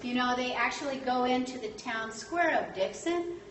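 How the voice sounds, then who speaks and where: A woman telling a history story in a lively way, acting out the quotes and using lots of fillers. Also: high voice, moderate pace. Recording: echoey room, distant mic, faint noise.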